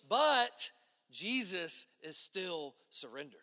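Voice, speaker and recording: A man preaching a sermon as pastor, in a conversational style that swings between loud emphatic lines and hushed low ones. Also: very animated, moderate pace, long reverb tail.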